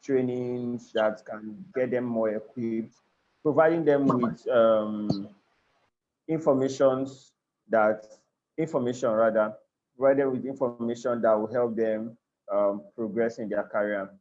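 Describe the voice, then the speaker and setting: A man's voice: mid-range voice, a little slow, a little mellow, highs cut off. A man with a Nigerian accent teaching a live online class. He speaks earnestly, often repeats and restarts his phrases, and checks in with his listeners. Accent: Nigerian English. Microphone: video call.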